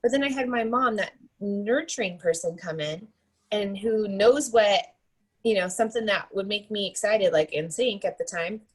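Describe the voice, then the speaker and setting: A woman's voice: mid-range voice, normal speed, slightly rough, poor audio. A woman in her thirties tells a motivational story in a chatty way, often tagging her points with "right?" and "like". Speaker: team leader giving a motivational talk.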